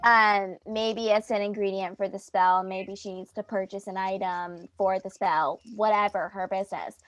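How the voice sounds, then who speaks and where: A woman's voice: medium pitch, steady tone, normal speed, a bit bright, dry recording, faint music behind. A woman playing in a tabletop game, talking in character in a rambling way, full of "like" and "um". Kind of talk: in-character tabletop role-play.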